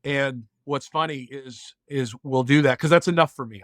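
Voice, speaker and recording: A man's voice: mid-range voice, normal speed, dry recording, studio quality. A man in his fifties, a podcast guest, telling reflective family stories in casual conversation. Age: 50s. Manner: earnest storyteller, warm and reflective.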